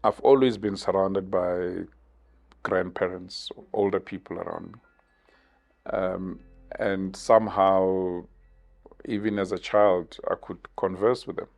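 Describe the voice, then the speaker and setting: Low, gravelly, flat-voiced man. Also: faint music behind. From South Africa. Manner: measured, thoughtful, with many pauses and fillers. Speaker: interview guest. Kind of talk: reflective interview answers.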